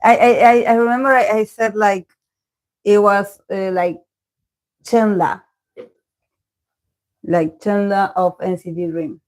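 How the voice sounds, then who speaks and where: A woman's voice: mid-range voice, steady tone, slow, pauses often, low-quality recording. Chatty woman tarot reader on a live stream. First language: Spanish. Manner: rambling, many fillers and self-corrections. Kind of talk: casual live-stream chat.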